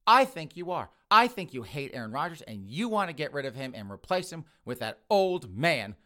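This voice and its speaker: A man voicing a hysterical twenty-year-old woman who yells indignantly. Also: fairly high pitch, big pitch swings, quick pace, pitched above the performer's own voice. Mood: furious. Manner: shouting, indignant. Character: hot-tempered young woman, twenty, hysterical.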